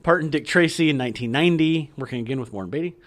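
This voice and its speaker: A man's voice: on the high side, very fast, a bit bright. A middle-aged man co-hosting a podcast, reading out film trivia in casual chat with light fillers and easy laughs. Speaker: podcast co-host.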